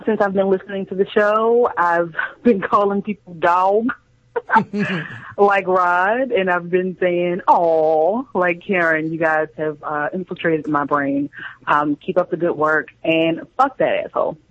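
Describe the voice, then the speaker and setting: A woman's voice: on the low side, fairly even intonation, unhurried. A giggly, affectionate woman leaving a short voicemail in a mid-range voice. The recording is dull and muffled. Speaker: caller. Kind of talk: voicemail message.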